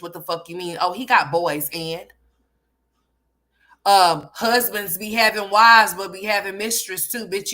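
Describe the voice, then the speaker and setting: A woman's voice: on the low side, a bit bright. Blunt, sassy woman doing reaction commentary. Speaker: commentary host.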